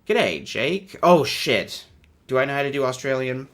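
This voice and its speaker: A young man hosting a comedic commentary video, riffing wryly on book illustrations and swinging from mutters to excited outbursts. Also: mid-range voice, moderate pace. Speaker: video host.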